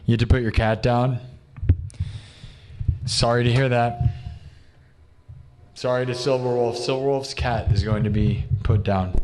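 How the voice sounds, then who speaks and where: A man's voice: medium pitch, fairly even intonation, measured pace, pauses often, darkish tone, slight background noise. A young man hosting a live music stream, chatting casually with viewers in a brash, ranting way, full of "dude" and "bro". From United States. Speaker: livestream music host.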